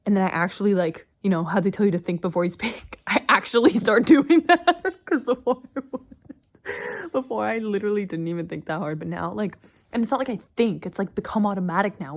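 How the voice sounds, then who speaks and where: A woman's voice: lowish voice, darkish tone. A young woman vlogging casually, rambling with lots of "like" and the odd swear word. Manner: rambling, filler-heavy, frequent "like" and swearing. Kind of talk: casual personal vlog.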